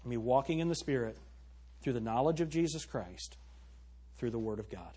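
Husky preacher. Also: male voice, expressive, moderate pace, warm tone. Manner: emphatic preaching, asks the congregation questions; turns to a high mocking tone when imitating girls. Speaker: pastor. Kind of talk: sermon.

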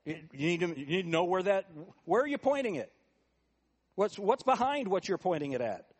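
A middle-aged man preaching a sermon, asking the congregation rhetorical questions and moving between quiet asides and raised, emphatic points. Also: sits high, big pitch swings, a little fast, slightly rough. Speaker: pastor.

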